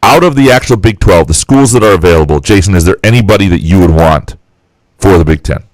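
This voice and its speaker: A man co-hosting a podcast, chatting casually and giving brisk, opinionated takes on sports. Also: sits low, dry recording, poor audio. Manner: brisk, opinionated, thinking aloud. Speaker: podcast co-host.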